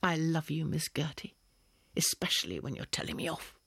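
A man voicing an affectionate young man who teases gently in a soft, half-whispered way. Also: on the high side, big pitch swings, moderate pace, creaky, slightly rough, no room sound, clean studio sound, full character voice. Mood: teasing.

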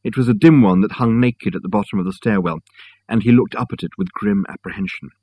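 A man narrating a story with steady, measured storytelling. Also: fairly low pitch, slightly rough. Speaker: audiobook narrator. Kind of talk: scripted narration.

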